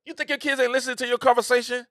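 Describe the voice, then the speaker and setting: A middle-aged man, hosting a casual opinion monologue with an animated, repetitive, preacher-like cadence. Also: very high-pitched, very fast, no echo, clean studio sound. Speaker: host.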